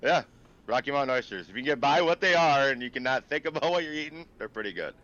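A man's voice: mid-range voice, animated, quick pace, sharp tone, no room sound. A man from Minnesota co-hosting a podcast, chatting in an easygoing, folksy way. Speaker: podcast co-host. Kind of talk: casual chat. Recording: dull lo-fi sound.

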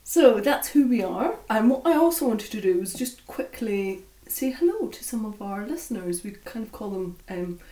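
Scottish woman, podcast co-host, slow careful speech, roomy sound, a bit far from the mic. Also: medium pitch, expressive, dark tone. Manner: deliberately slow, friendly, laughs often. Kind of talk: casual podcast chat.

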